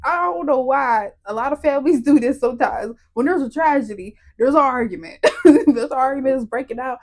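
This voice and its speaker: A woman's voice: sits high, a little fast. A woman giving a personal testimony on a podcast, telling it vividly, acting out the voices of others and laughing through painful memories. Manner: animated, emotional storytelling that acts out quoted voices. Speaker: guest telling her testimony.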